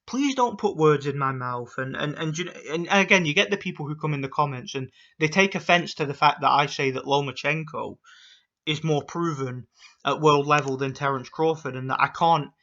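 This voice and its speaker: A man's voice: a little high, moderate pace, sharp tone. Swearing, ranting man on a lo-fi mic. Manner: swears often, stammers and repeats words. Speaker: boxing YouTuber. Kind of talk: casual ranting vlog.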